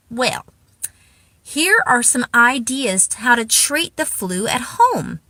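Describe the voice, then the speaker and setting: A woman's voice: high-pitched, pushed and bright, no room sound. A tired woman emergency room nurse, giving blunt, exasperated advice in an after-work vlog. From Pensacola, Florida.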